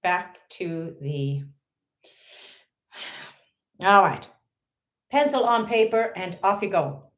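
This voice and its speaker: A woman's voice: fairly low pitch, lively intonation, takes it slowly, long pauses, fairly bright tone. An Irish woman chatting casually on a live stream, playful and chatty, mumbling asides to herself and bursting into giggles. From Ireland. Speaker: livestreamer.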